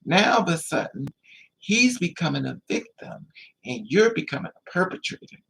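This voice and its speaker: Vlogger, male, a little higher-pitched, gravelly and husky; animated storyteller who acts out the other people in his story. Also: moderate pace. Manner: repetitive, emphatic. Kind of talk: storytelling monologue.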